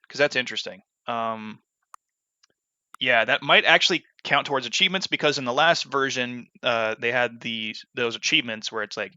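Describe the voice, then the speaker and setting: Here a man in the middle range speaks at a moderate pace with a sharp tone, no room sound around him. He's a let's-play gamer loosely narrating his game, full of fillers and restarts, through a dull lo-fi microphone.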